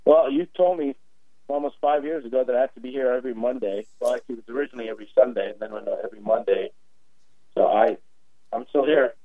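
A man's voice: mid-range voice, fast talker. A man calling in as a regular guest doctor on a radio show, joking and playfully arguing his point in casual chat. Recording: phone line.

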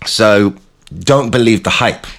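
A young English man hosting a show, telling stories and chatting in a theatrical, animated way. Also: lowish voice, slow pace, loud music behind the voice. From England. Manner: animated, theatrical storytelling with mimicked voices. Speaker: radio host. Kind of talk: casual chat with storytelling.

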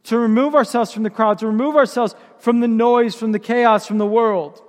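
A man's voice: extremely high pitch, fairly even intonation, normal speed, in a large hall. A man preaching a sermon as pastor, with impassioned, building emphasis.

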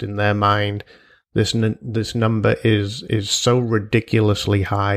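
A man's voice: fairly low pitch, gravelly. A man hosting a solo personal finance podcast, chatty and jokey, with asides and imagined quotes from listeners. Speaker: podcast host.

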